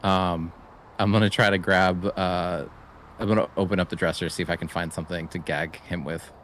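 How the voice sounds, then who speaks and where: A man playing a tabletop game, describing his character's actions hesitantly, with many pauses. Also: low voice, level tone, a bit bright, a little hiss or hum. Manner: hesitant, many fillers and restarts. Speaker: player. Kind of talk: casual tabletop play.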